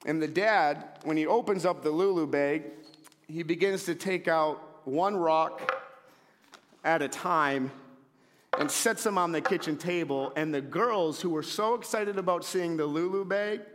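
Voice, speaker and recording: A man in his thirties preaching a sermon in a church, telling stories and acting out shouted scenes. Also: on the high side, unhurried. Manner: animated storyteller, acts out shouting scenes. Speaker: pastor. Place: church sanctuary. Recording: long hall reverb.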